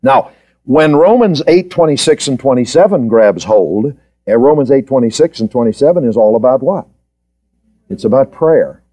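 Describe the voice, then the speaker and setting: A man's voice: medium pitch, very animated, moderate pace, mellow. A man giving a Bible study lecture, quizzing his students and repeating key points for emphasis. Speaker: Bible teacher.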